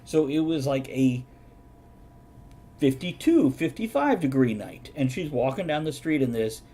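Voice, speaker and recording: A man's voice: on the high side, big pitch swings, a little slow, warm tone. A man hosting a live-streamed chat show, telling stories with dry sarcasm. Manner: sarcastic, mock-documentary storytelling. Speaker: host.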